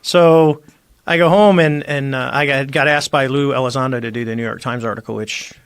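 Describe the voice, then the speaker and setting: Middle-aged male guest, gravelly timbre, lively anecdotal delivery with acted-out quotes, dry close mic. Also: mid-range voice, brisk, dry recording. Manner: animated storyteller, acts out quoted dialogue. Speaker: guest, former Navy squadron commander. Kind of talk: casual storytelling conversation.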